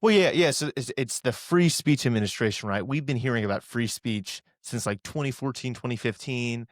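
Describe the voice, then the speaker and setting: A man's voice: medium pitch, normal speed, dry recording, clean studio sound. A man co-hosting a political commentary show, talking in a sarcastic, indignant way.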